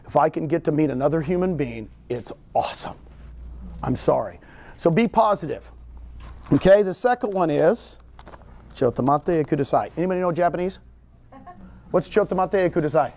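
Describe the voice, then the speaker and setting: Man, middle-aged, Texan accent, high-pitched, storytelling trainer at a live talk. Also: moderate pace, long pauses. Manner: animated storyteller, jokes with audience. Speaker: real estate trainer. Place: meeting room with audience.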